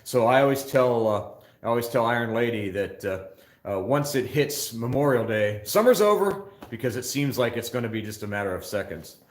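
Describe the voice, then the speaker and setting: A man's voice: medium pitch, animated, normal speed, echoey room. An older man hosting a casual phone live stream from a motorcycle shop, chatting in a rambling, scattered way and reading viewer comments aloud. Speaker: motorcycle channel host.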